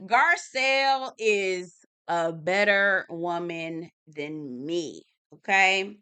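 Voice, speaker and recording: A woman recapping a reality-TV episode in a casual vlog, blunt and animated, swearing freely and talking straight to her viewers. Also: on the low side, very slow, clear, resonant tone. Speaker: TV review vlogger.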